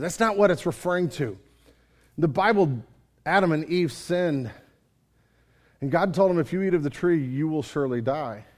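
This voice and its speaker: A male pastor preaching at a church service, his voice sitting a little high. He talks conversationally and keeps asking the congregation questions. He acts out his own grumbling prayers to God with animated energy. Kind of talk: sermon.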